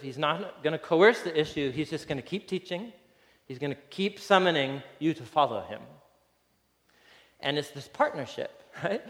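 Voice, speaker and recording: A man in his thirties, a pastor giving a sermon in a conversational, storytelling way and chuckling often. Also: sits high. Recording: reverberant hall.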